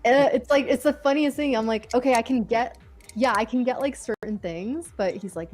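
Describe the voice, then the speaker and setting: Husky-voiced woman telling stories. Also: fairly high pitch, moderate pace, a little mellow, soft background music. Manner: storytelling, laughs easily, calls price levels. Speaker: live trading stream co-host. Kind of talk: casual chat.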